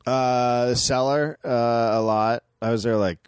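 A comedian guest on a podcast, chatting in a laid-back, profane way. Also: male voice, medium pitch, fairly even intonation, slow, smooth, no echo, studio quality. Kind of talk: casual comedy podcast chat.

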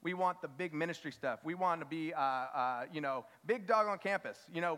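A man in his thirties preaching a sermon as a children's pastor, telling a self-deprecating story that climbs to loud, emphatic peaks. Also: on the high side, fairly quick, few pauses, big-room sound. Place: church sanctuary.

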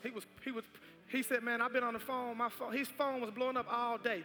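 A man leads his congregation in giving and prayer, pressing his appeals again and again. His voice sits very high and carries with long church reverb. Soft music plays beneath him. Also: little pitch movement, a little fast. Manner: fervent, repetitive exhortation. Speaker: pastor. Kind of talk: sermon with offering and prayer. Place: large church sanctuary.

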